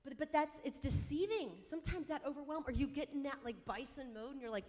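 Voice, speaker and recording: A mother telling a personal faith story in an animated, self-mocking way, acting out the dialogue. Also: high voice, fast talker. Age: adult mother. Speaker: speaker sharing a faith story. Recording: long hall reverb.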